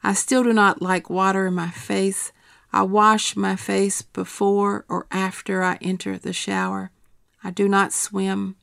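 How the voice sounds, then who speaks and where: A middle-aged woman reading her personal essay aloud in a quiet, measured, steady way. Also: medium pitch, creaky, no room sound, clean studio sound.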